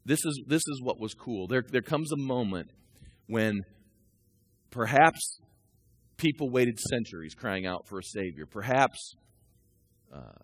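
A man in his sixties preaching a sermon, talking through scripture and personal stories and building to loud, rising peaks. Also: medium pitch, lively intonation, measured pace, long pauses, slightly rough, dry recording. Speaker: pastor.

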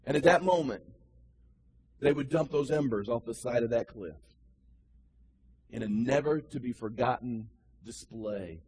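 A male pastor preaching a sermon, dropping low and quiet to tell a story, then rising to loud, high cries. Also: husky.

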